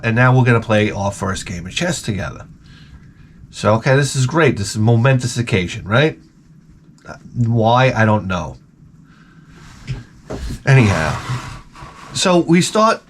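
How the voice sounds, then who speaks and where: A man's voice: medium pitch, a little hiss or hum. A man telling a rambling, profane comic story in a casual rant as a gaming video host. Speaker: retro gaming YouTuber.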